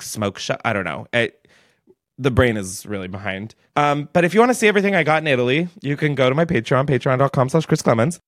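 A man's voice: mid-range voice, no echo, studio quality. A young man hosting a podcast, telling a casual, gossipy storytime in a chatty way, with lots of "like" throughout. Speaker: podcast host.

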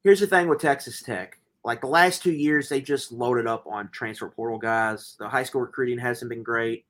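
A man's voice: mid-range voice, normal speed, a bit bright. A man co-hosting a sports betting podcast, talking through picks in a rambling, enthusiastic way with lots of fillers. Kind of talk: casual sports betting chat.

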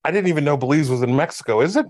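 A man's voice: on the high side, animated, rapid-fire, darkish tone. A man on a podcast panel, dropping wry one-liner jokes in casual chat. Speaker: podcast regular. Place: podcast studio.

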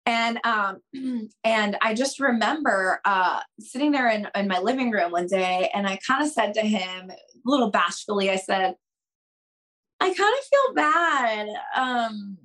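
Appearing as a guest on a podcast, this woman coaches on dating and speaks right to the audience, emphasizing what matters and role-playing exchanges with sharp swings in pitch. Her speed alternates between fast spurts and deliberate, lingering stress. The voice is slightly bright, captured in a rough recording.

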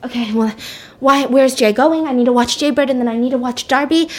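A woman's voice: high-pitched, brisk, darkish tone, natural voice. A woman voicing a nervous young male kidnapper who rambles anxiously.

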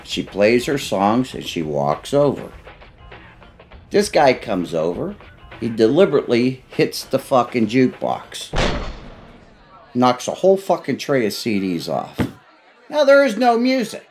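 A man recounting old mob stories in a profane, animated way, acting out what people said. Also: measured pace, soft background music. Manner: profane, acts out quotes with big swings in pitch. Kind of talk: animated storytelling.

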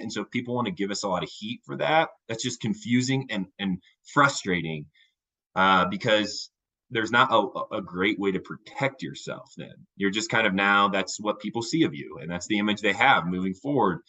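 A man co-hosting a casual podcast chat, talking in a thoughtful, measured way with frequent fillers and restarts. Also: fairly low pitch, sharp tone, poor audio. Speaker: podcast co-host.

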